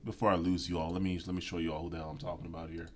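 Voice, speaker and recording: A man's voice: deep voice, level tone, racing, slight background noise. A man giving sarcastic reaction commentary, rambling and swearing with mock-apologetic asides. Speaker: video commentator.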